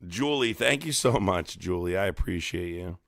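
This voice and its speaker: A man's voice: deep voice, animated, normal speed, gravelly, a bit bright, dry recording. A man hosting a livestream, ranting in a profane, mocking, rambling way. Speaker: live streamer host. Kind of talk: casual ranting livestream commentary.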